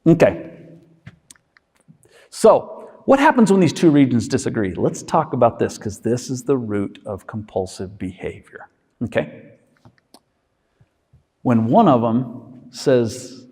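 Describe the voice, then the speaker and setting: A man's voice: medium pitch, big pitch swings, a little mellow, big-room sound. A man, a physician, giving a conversational lecture and checking in with his listeners with a frequent "okay?". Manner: acts out inner voices in quick asides.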